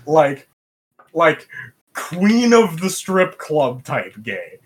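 A man from West Michigan, a podcast guest telling a story in a lively, profane way and acting out the voices of people he quotes. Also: a little high, very slow. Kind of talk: casual storytelling.

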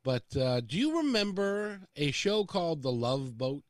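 Male radio host, playful and enthusiastic, fairly high, lively voice. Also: a little slow, no echo. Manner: enthusiastic, playful, swoops in pitch. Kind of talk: upbeat morning talk radio.

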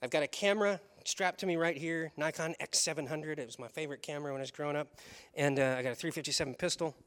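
A man giving a sermon as a pastor, telling a personal story with animated delivery and chuckles along the way. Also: a little high, fast.

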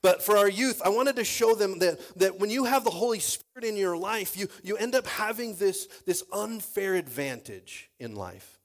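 A man preaching a sermon as pastor, reading scripture and praying in a soft, low voice, and often restarting sentences by repeating words. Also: expressive, moderate pace, few pauses. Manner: prays and reads in a soft, low voice.

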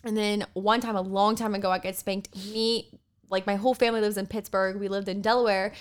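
A woman's voice: mid-range voice, brisk, clear, resonant tone. A young woman telling family stories in a casual chat, laughing often and acting out the quotes. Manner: animated, laughing, acts out quotes. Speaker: storyteller.

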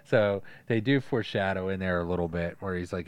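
A man's voice: low-pitched, fairly quick, clean tone. A man hosting a podcast, chatting casually and profanely as he acts out movie scenes. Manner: animated, swears a lot, acts out scenes. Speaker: podcast host. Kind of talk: casual chat retelling a movie.

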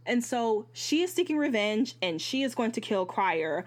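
A woman's voice: mid-range voice, normal speed, hardly any pauses. A woman hosting a podcast, giving a casual, candid book review. She swears freely and often jumps into asides and corrects herself. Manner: animated, jumps between asides and self-corrections. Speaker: podcast host reviewing books.

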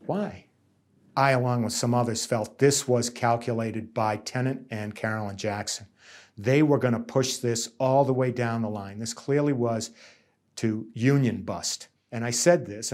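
A man's voice: mid-range voice, a little mellow. A middle-aged man, a union negotiator giving earnest, emphatic interview testimony and often repeating words.

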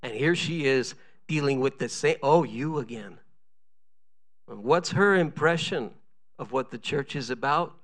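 A man's voice: mid-range voice, lively intonation, moderate pace, a bit bright. A middle-aged male pastor preaching a sermon, telling stories and acting out the voices of the people in them. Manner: storytelling preacher, acts out quoted voices.

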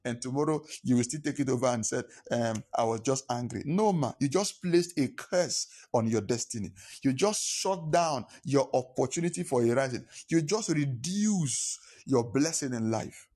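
A man's voice: mid-range voice, expressive, normal speed, warm tone, slightly rough. Man preaching a sermon. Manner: preaching with repetition, acting out phone calls in pidgin. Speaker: pastor.

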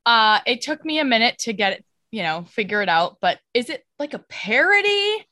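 A woman's voice: medium pitch, lively intonation, fairly quick, pushed and bright, no echo, clean studio sound. A young adult woman co-hosting a casual podcast, rambling through a plot summary with many fillers and restarts. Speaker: podcast co-host. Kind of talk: casual chat.

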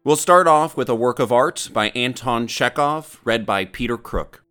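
A man's voice: medium pitch, moderate pace, bright, forceful tone, clear, resonant tone. Guy hosting a podcast intro, upbeat announcer tone, faint music behind. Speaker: podcast host, artistic director.

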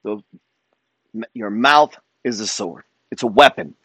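A man's voice: on the low side, measured pace, bright, forceful tone, husky, dry recording. A man giving a motivational monologue as a wealth and trading coach, emphatic and preacher-like, swearing freely.

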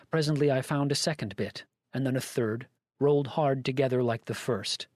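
Storybook uncle, deep level voice, measured and grave, as a male narrator reads him. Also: no room sound, studio quality, lightly acted. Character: calm stern older male uncle.

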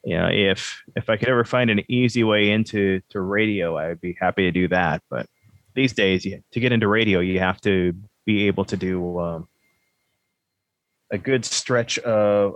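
Man, podcast host, casual rambling chat, self-deprecating jokes, low voice, dry close sound. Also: dry recording.

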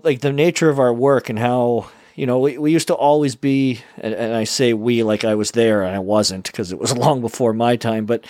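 A man who hosts a podcast, talking in a relaxed, rambling way with fillers. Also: mid-range voice, no echo, clean studio sound. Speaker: podcast host. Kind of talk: casual interview talk.

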